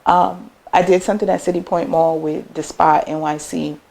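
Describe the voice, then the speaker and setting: A woman's voice: on the low side, normal speed, vocal fry. A woman business owner telling personal stories in an interview, loose and chatty, acting out her family's words as she goes. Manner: animated, acts out family members' words in quoted voices; loose conversational phrasing with frequent "like" and "um".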